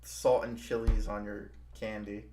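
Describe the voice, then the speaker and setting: A man's voice: on the low side, flat delivery, unhurried, echoey room, over loud music. A young man, the stream host, chatting casually, rambling with many restarts and lots of "bro". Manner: rambling, restarts a lot, says "bro" often. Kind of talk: casual chat.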